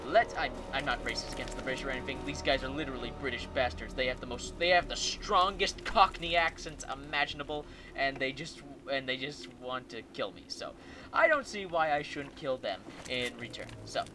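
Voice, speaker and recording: A man hosting a let's play, giving excitable, joking gameplay commentary and talking back to enemies. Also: medium pitch, normal speed, over music.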